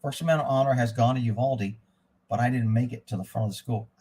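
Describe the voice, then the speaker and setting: A man's voice: mid-range voice, fairly even intonation, fast talker, mellow, slightly rough. A middle-aged man ranting on a live stream, telling a story in a profane, exasperated way. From Texas.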